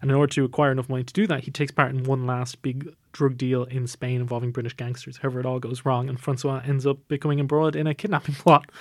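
A man's voice: mid-range voice, level tone, fast talker, hardly any pauses, no room sound, clean studio sound. A man co-hosting a film podcast, summarizing movies in enthusiastic, casual chat. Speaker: podcast co-host.

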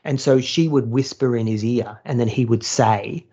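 A man's voice: medium pitch, moderate pace, warm tone, breathy edge, muffled recording. A man, a former churchgoer turned atheist, telling a story in casual podcast chat, blunt and swearing freely.

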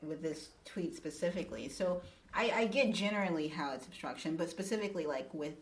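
Low-voiced woman asking questions. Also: brisk. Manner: inquisitive, asks follow-up questions. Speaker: podcast co-host. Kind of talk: casual chat.

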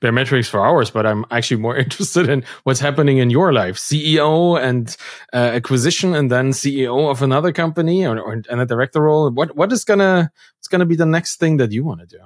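A male podcast host chats with a guest and asks questions in a friendly way. His pitch is average. The sound is dry and close, with no echo. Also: quick pace. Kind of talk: casual interview talk.

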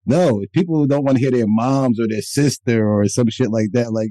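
A man co-hosting a podcast, talking crudely and loudly, swearing and laughing as he jokes. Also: mid-range voice, moderate pace, dry recording. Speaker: podcast co-host. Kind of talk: crude casual chat.

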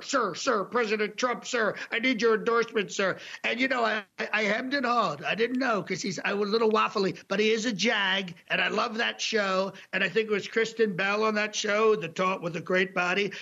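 A man doing a brash, gravelly boastful president. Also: sits high, bright, forceful tone, highs cut off, heavily acted. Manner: bragging, rambling, name-calling. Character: boastful older male president, brash and rambling. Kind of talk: comedy impression interview.

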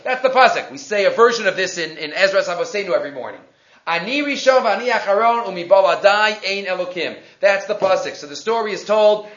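A man teaching a Torah class, telling a story and slowing down to read verses aloud. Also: high-pitched, fairly bright tone. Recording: roomy, dull lo-fi recording.

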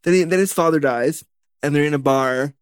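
Man, casual film recap, joking, slightly high voice, dry sound. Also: a little fast, clean tone, no echo. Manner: joking, rambling recap with swearing. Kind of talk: casual chat.

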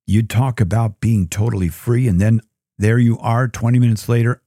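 Animated male Bible teacher, dry sound. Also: mid-range voice, dry recording. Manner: animated storytelling with rhetorical questions to listeners. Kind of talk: scripture teaching.

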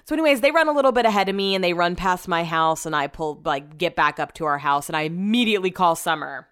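A woman's voice: on the low side, lively intonation, fast talker, a bit bright, clean tone. A woman, telling a story casually, saying "like" constantly and swearing freely. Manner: chatty, heavy use of "like", swears freely.

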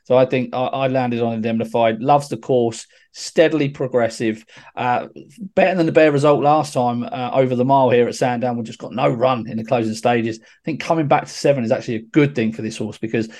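A man's voice: mid-range voice, steady tone, brisk, a little mellow. An easygoing man gives tips on a podcast in casual chat. He talks with hesitant fillers. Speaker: podcast tipster.

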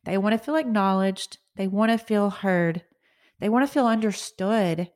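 A woman's voice: mid-range voice, moderate pace, darkish tone. A middle-aged woman hosting her own podcast, talking in a casual, earnest way and often checking in with "right?". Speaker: podcast host. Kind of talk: casual motivational talk.

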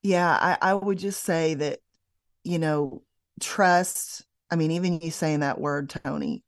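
A woman guest author speaks earnestly and reflectively, pausing and restarting as she thinks. Her voice is very low for a woman, recorded close and dry. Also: steady tone, no echo. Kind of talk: earnest conversational sharing.

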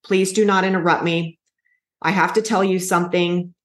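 Guest, woman, 40s, lower-pitched, earnest storyteller, roomy echo. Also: steady tone. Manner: earnest, halting with restarts. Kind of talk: emotional personal storytelling. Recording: echoey room.

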